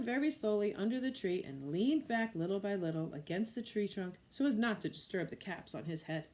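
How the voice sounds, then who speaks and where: A woman, a preschool teacher, reading a picture book aloud to young children with expressive storytelling. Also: medium pitch, moderate pace, few pauses.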